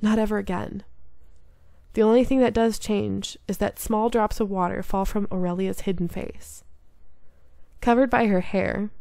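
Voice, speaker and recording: A woman reading a story game aloud in an earnest, invested way. Her mid-range voice has a gravelly fry to it. The sound is dry and close. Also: medium pitch, mellow, no echo. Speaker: game streamer.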